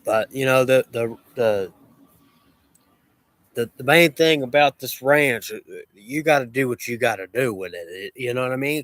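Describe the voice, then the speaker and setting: A man's voice: mid-range voice, normal speed, a bit bright, no echo. A man who runs a lawn care business, talking in a rambling, repetitive and boastful way with many restarts. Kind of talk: rambling casual monologue.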